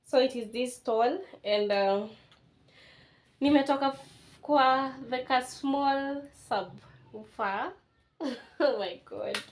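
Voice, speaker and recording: A Kenyan woman in her twenties unboxes items at home for a vlog, chatting casually and emotionally. Her voice is high-pitched, and she speaks slowly with frequent pauses.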